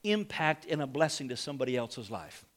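Fiery, bright-voiced preaching pastor. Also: male voice, mid-range voice, very animated, brisk. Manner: fiery preaching, shouts and exhortations. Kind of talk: sermon.

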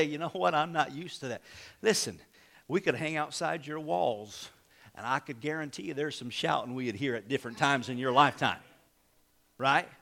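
A man preaching from the pulpit with a bright, forceful voice that sits a touch higher than most men's. He builds into loud shouts of praise and calls on the congregation, then drops back into plain teaching. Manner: fiery preaching, shouts and exhortations. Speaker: pastor. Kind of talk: sermon.

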